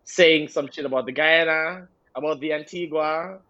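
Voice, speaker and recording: A man co-hosting a casual podcast chat, sassy and exclamatory, quick to laugh. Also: a little high, pushed and bright, no echo, lo-fi sound. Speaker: podcast co-host. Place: remote virtual studio.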